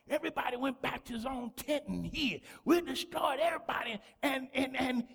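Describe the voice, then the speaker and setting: A man preaching a sermon to a church congregation, fervent and repetitive, often breaking into shouts. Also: very high-pitched, brisk, gravelly, hardly any pauses, slightly rough. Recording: long hall reverb.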